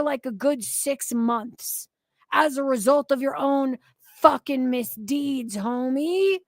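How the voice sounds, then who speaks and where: A woman's voice: sits high, slow, no room sound. A woman giving heated, profane commentary on a live stream, ranting and scolding.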